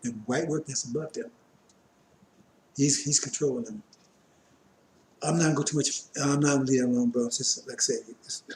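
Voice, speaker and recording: A man's voice: mid-range voice, darkish tone, echoey room, slight background noise. A man teaching scripture in a loose, conversational way, reading verses aloud and then explaining them with many asides, his voice strained and catching on coughs. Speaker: religious teacher.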